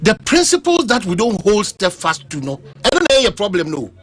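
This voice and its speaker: Impassioned high-voiced Ghanaian man. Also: wildly swooping pitch, a little fast, a bit bright, husky. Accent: Ghanaian English. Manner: impassioned, repeating words, cutting in with "hold on". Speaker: radio talk show host. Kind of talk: heated political radio debate. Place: radio studio.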